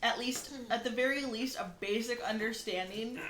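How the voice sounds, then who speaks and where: A woman acting as dungeon master, calmly narrating monster attacks and asking for the players' rolls. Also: a little high, moderate pace, reverberant, background noise. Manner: matter-of-fact narration of enemy attacks. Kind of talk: running a tabletop game.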